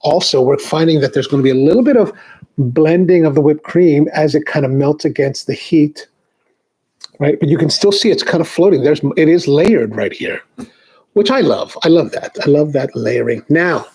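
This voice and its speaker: A middle-aged American man hosting a coffee video, chatting casually with rambling, animated asides. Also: a little high, normal speed, breathy edge, poor audio. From United States. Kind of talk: casual chat to camera.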